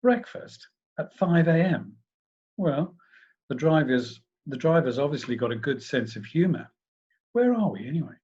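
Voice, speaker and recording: A man's voice: on the high side, big pitch swings, moderate pace, a little mellow, dull audio, a little hiss or hum. A man doing an eager know-it-all student. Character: young British language student, eager.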